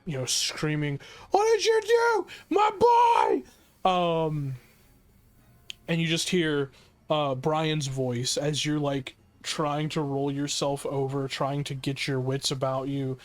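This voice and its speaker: A man's voice: on the high side, flat delivery, slow, faint music behind. A man running a tabletop horror game as game master, narrating vividly with many fillers.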